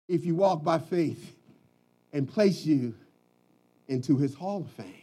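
A middle-aged man from Philadelphia preaching a sermon, building to shouted emphasis. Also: on the high side, sing-song, takes it slowly, pauses often, breathy edge.

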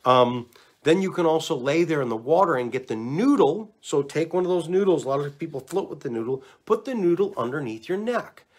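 A man giving relaxed, chatty instructions on neck exercises, talking to the camera and demonstrating as he goes. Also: fairly high pitch, brisk. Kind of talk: casual instructional talk to camera.

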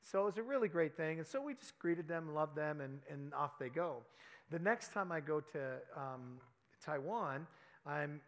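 A man preaching by telling a personal story, chatty and anecdotal, with self-deprecating asides. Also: fairly high pitch. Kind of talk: sermon storytelling.

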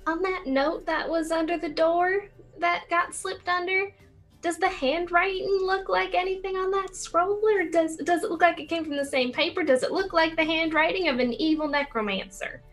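A woman's voice: extremely high pitch, steady tone, moderate pace, fairly bright tone, faint music behind. A woman playing a tabletop game, asking questions in an inquisitive way. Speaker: player. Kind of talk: tabletop role-play chat.

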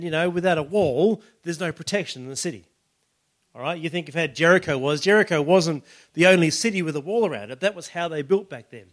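A man preaching a sermon in a relaxed, conversational way, with many "you know" and "all right" asides. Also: on the high side. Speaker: pastor.

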